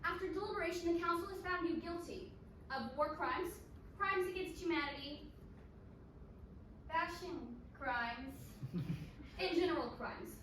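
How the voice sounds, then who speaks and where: A woman playing a council member who reads out charges and a verdict in a formal, deadpan way. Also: extremely high pitch, a little slow, long pauses, slight background noise. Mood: stern. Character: stern female council member judging a trial. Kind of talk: student stage reading. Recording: echoey room from a distant mic.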